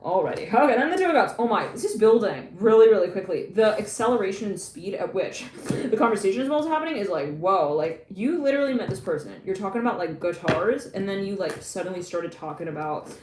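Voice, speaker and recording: A woman's voice: medium pitch, quick pace, roomy sound, noisy background. Giggly chatty woman reading tarot. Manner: chatty and excitable, laughs often, slips into quoted voices. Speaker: tarot reader.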